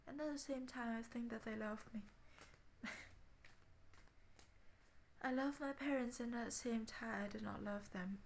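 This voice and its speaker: A woman talking haltingly in a personal diary vlog, often searching for words. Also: on the high side, vocal fry, a little hiss or hum. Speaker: vlogger.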